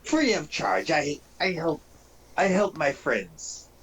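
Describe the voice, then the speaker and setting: A man's voice: sing-song, slow pace, a bit bright, a little hiss or hum, full character voice, poor audio. A man voicing a short, swaggering goblin rogue who speaks in broken, clipped phrases. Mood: sly. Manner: broken, clipped speech, higher pitched.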